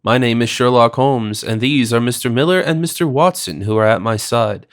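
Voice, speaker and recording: A man voicing a composed, sharp male detective who questions people with precise authority. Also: medium pitch, normal speed, natural voice. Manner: precise and commanding.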